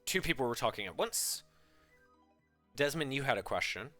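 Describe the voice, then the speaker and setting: A man running a tabletop game as game master, chatty and animated, with many fillers. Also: mid-range voice, normal speed, soft background music.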